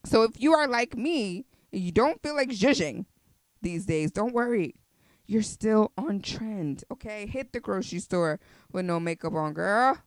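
A woman's voice: mid-range voice, lively intonation, measured pace, dry recording. A woman hosting her own podcast, chatting casually and expressively with plenty of fillers into a close studio mic. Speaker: podcast host. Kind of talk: casual solo podcast chat.

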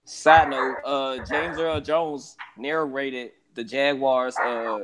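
A man's voice: mid-range voice, fairly even intonation, slow pace, crowd noise. A man co-hosting a casual podcast chat, blunt and joking, often laughing at his own lines. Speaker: podcast co-host.

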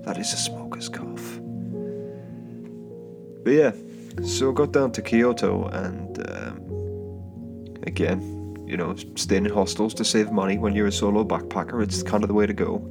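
Over soft bedding guitar, an Englishman with a lowish, creaky voice talks at an ordinary pace. He's a solo podcaster spinning a casual, rambling travel yarn with lots of fillers, restarts and chuckles, recorded on a home mic.

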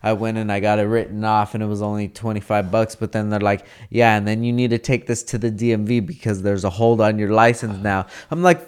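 A man's voice: mid-range voice, a little fast, clear, resonant tone. A man in casual podcast chat, talking brashly and profanely and mimicking people in his stories.

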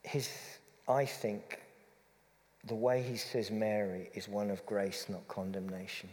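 A man preaching a reflective, conversational sermon that softens to a gentle hush. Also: lowish voice, flat delivery, slow pace, big-room sound.

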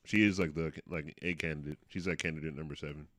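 A man's voice: extremely low pitch, fairly even intonation, quick pace, a bit bright, dry recording. A man co-hosting a casual chat show, easygoing and dry, hedging his points with "like". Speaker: podcast co-host.

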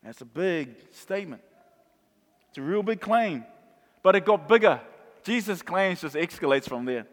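High-voiced man preaching in a reverberant hall. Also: normal speed, long pauses. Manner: animated, acts out voices of crowd and Jesus. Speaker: pastor. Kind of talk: sermon. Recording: long reverb of a large hall.

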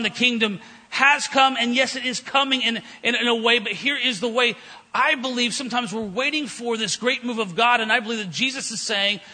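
Very high-pitched and sharp, a man preaches fervently as a guest in a church sanctuary, weaving in stories with quoted dialogue, all carried on the long reverb of a church hall.

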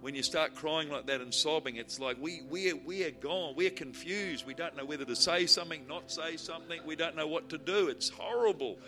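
A man preaching a sermon, telling humorous stories and swinging from quiet asides to shouted declarations. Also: fairly high pitch, moderate pace, hardly any pauses, music in the background.

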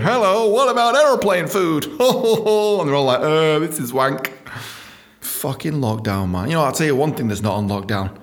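A male comedian, delivering a sweary, rambling comic monologue. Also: on the high side.

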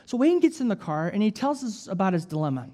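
A man preaching as an evangelist, telling stories with jokes and an animated, lively delivery. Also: sits high, fast. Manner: animated storytelling with jokes and laughs. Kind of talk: sermon.

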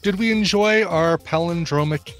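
A man co-hosting a podcast in casual chat, halting and searching for words, quick to agree. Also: on the high side. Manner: halting, many fillers and restarts, quick to agree. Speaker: podcast co-host.

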